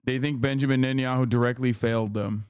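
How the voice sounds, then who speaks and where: A male streamer rants on a live stream in an animated, sarcastic, profane way. His voice is smooth and resonant, and the sound is close and dry. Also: medium pitch, fast talker, no echo.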